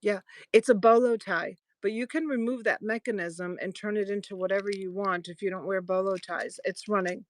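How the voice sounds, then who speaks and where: A woman runs a casual live jewelry sale, talking to her viewers one by one and calling them sweetheart and honey. Her pitch sits in the middle range for a woman. The sound is dry, with no room echo. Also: fairly even intonation, normal speed, hardly any pauses. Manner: chatty, affectionate, thanks viewers by name. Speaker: live-stream jewelry seller. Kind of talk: casual live-selling chat.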